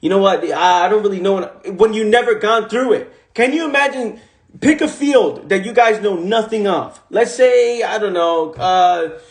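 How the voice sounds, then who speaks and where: A man's voice: high-pitched, normal speed, echoey room. A man, giving a livestreamed motivational monologue in an emphatic, repetitive, slangy way. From the Bronx, New York. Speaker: motivational coach. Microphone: phone livestream.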